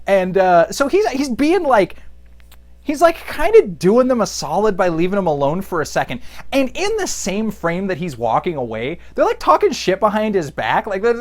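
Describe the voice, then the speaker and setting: A man's voice: high voice, huge pitch swings, normal speed. A young man comically recapping a comic book, sarcastic and rambling, slipping into goofy voices for the characters. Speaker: podcast host recapping a comic. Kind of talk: comedic recap with acted-out voices.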